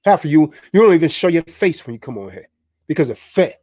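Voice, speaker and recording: Impassioned high-pitched man preaching live. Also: very animated, fast, darkish tone, dry recording. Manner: preachy, exhorting, repeats "man". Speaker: livestream host.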